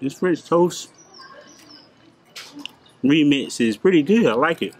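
A man's voice: a little high, lively intonation, slow, a little mellow, slightly rough. Chatty American man vlogging on travels. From North Carolina, USA. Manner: laid-back, chatty, talks to viewers and animals. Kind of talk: casual travel vlog. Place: outdoors by the ocean and in a cafe.

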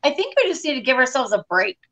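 A middle-aged woman from Detroit, a comedian chatting in an interview, telling stories in an animated, quick way. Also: sits high, low-quality recording. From Detroit, USA. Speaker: comedian, guest. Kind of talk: casual interview chat.

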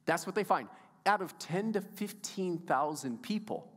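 High-voiced enthusiastic pastor in an echoing hall. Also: male voice, expressive, unhurried, a bit bright. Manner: enthusiastic, playful, audience interaction. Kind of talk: sermon. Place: church sanctuary. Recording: long church hall reverb.

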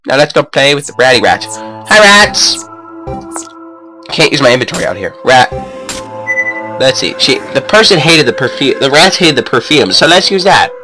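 Excitable man yelling through a game. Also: mid-range voice, brisk, poor audio. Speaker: let's play gamer. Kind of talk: game commentary. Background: game music.

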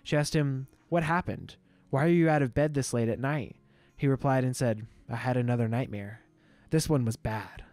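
A man's voice: medium pitch, normal speed, a little mellow, dry recording. A young man co-hosting a podcast, reading an old story aloud with mock drama and bursts of laughter. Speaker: podcast co-host.

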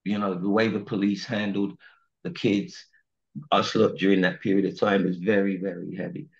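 A man's voice: low voice, flat delivery, normal speed, lo-fi sound. A man, a singer talking earnestly about growing up, leaning on "you know" and "right?". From South London, England. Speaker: singer, interview guest. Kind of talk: candid reflective interview talk.

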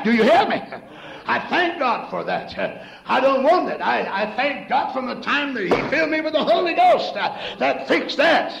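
A man preaches with fervor, his voice pitched very high and thick with gravel. He moves from shouting down to low asides. The sound comes from an echoey 1970s recording of a church sanctuary. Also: expressive, normal speed. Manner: fervent, rising to shouts and dropping low. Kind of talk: sermon.

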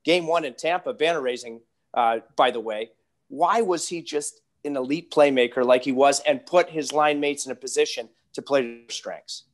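A man's voice: mid-range voice, moderate pace. A man hosting an interview podcast, asking long questions and telling chatty anecdotes. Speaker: podcast host.

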